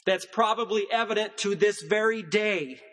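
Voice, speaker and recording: High-voiced preacher in a reverberant church. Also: male voice, a bit bright. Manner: measured preaching cadence with emphatic repetition. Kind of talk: sermon.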